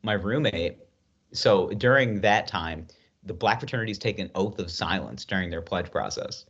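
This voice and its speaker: A man's voice: low-pitched, lively intonation, normal speed, fairly bright tone, breathy edge. A man co-hosting a podcast, telling a story in a rambling, laughing, casual way. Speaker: podcast co-host. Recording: dull lo-fi sound.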